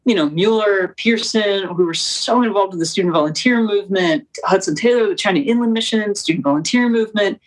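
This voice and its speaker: A young woman, a documentary producer, talking as a guest in an interview, with fast, animated, preacherly storytelling. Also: medium pitch, rough recording. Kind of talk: conversational interview.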